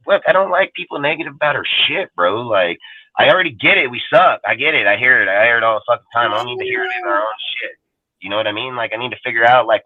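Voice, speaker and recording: A man's voice: fairly low pitch, no echo. A man hosting a live sports fan show, ranting bluntly with constant swearing from inside a parked car. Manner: blunt, heavy swearing, repeats "bro" and "dude". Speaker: podcast host. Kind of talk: profane fan rant on a live stream. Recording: dry, tinny phone-quality audio.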